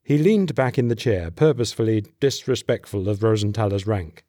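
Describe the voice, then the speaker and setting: A man narrating an audiobook in a steady, measured voice. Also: on the low side, no room sound, clean studio sound.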